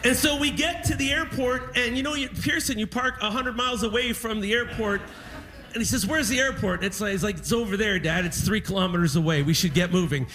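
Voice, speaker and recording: A man's voice: high-pitched, brisk. A Canadian man doing stand-up, telling a family story and acting out his relatives' voices. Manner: animated, acts out family members' voices. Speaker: stand-up comedian.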